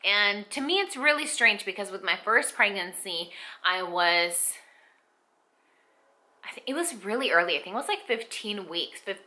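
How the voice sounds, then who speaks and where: Young female vlogger, very bright voice, chatty and rambling, emotional and teary throughout. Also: mid-range voice, expressive, moderate pace. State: tearful. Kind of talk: casual pregnancy update vlog.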